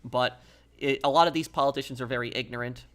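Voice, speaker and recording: A man's voice: medium pitch, steady tone, quick pace, fairly bright tone. A man streaming a game and chatting casually with his viewers, rambling and repeating himself as he tells a story. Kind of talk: casual live-stream chat while gaming.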